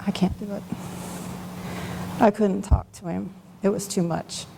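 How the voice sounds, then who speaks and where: At a Bible study, a middle-aged woman shares an unscripted, candid personal testimony in a conversational way. Her mid-range voice is steady and measured, with vocal fry. The recording has long hall reverb and faint background noise.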